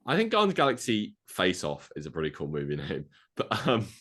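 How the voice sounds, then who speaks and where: Man, very low voice, casual podcast co-host, rambling, filler-heavy. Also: huge pitch swings, a little fast, a bit bright. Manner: rambling, filler-heavy, acts out quoted lines. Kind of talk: casual podcast chat pitching a movie plot.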